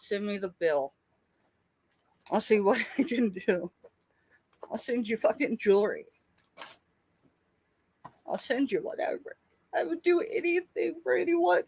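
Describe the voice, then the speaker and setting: A woman's voice: a little high, normal speed, fairly bright tone, no room sound. A middle-aged woman, ranting angrily and tearfully on a late-night live stream. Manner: angry, tearful, confrontational.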